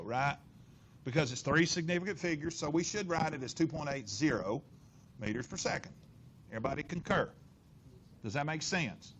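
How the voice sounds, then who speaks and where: A middle-aged man teaching physics in a classroom, working problems aloud with lively inflection and constant questions to the class. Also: on the high side, slight background noise. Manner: animated, lots of rhetorical questions and inflection.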